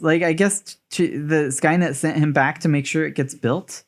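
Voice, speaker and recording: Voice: medium pitch, fairly even intonation, normal speed, hardly any pauses. A podcast co-host in casual film chat, exasperated and firing off rhetorical questions.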